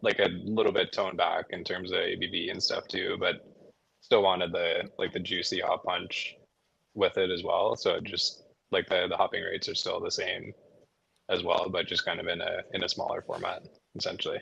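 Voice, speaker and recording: A man's voice: deep voice, flat delivery, moderate pace, creaky, sharp tone, breathy edge, dull audio. A man from Canada, a guest on a podcast, chatting casually in an easygoing way and laughing often. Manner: laid-back, easygoing, laughs a lot. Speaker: brewery guest.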